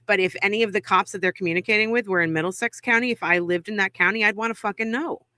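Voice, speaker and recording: A woman's voice: medium pitch, fast, bright, forceful tone, no room sound, clean studio sound. A woman from Massachusetts co-hosting a podcast in casual chat, heated and indignant, swearing for emphasis. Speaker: podcast co-host.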